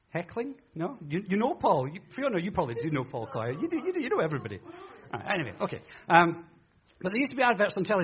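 A man's voice: sits high, fairly bright tone, slightly rough, muffled recording. A man preaching a sermon in church, chatty and jokey, teasing his congregation. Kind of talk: humorous sermon talk.

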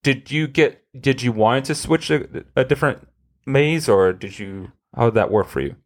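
At a moderate pace and in a mid-range voice, this podcast host keeps the chat casual. He rambles, swears, and keeps restarting his sentences.

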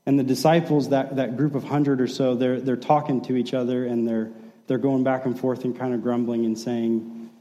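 A pastor giving a sermon in a relaxed, conversational storytelling way, acting out the quoted lines. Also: male voice, mid-range voice, moderate pace, long reverb tail, lo-fi sound.

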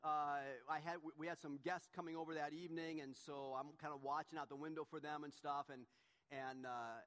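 A male pastor giving a relaxed, conversational sermon that gets animated when he retells a story. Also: on the high side, brisk, big-room sound.

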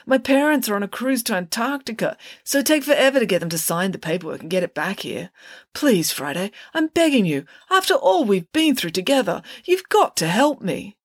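A woman's voice: medium pitch, sing-song, brisk, voice pushed up. A woman voicing an anxious, self-absorbed teenage schoolboy in a storybook reading, pleading and melodramatic.

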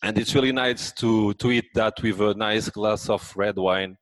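Deep-voiced man with a French accent. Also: steady tone, no echo, low-quality recording. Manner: hesitant, many pauses and restarts. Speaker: guest. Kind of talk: casual chat.

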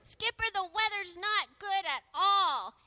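A woman's voice: very high voice, animated, takes it slowly, sharp tone, heavily acted. A woman voicing an anxious talking parrot who serves as a ship's lookout in a live stage show, pleading with the captain about a coming storm. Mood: worried. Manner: fretful, pleading warnings.

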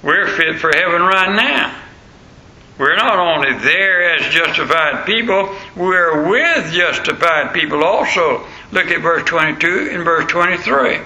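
A man's voice: a little high, a little slow, bright, forceful tone. A man preaching a sermon as pastor, emphatic, repeating phrases for stress. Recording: roomy echo.

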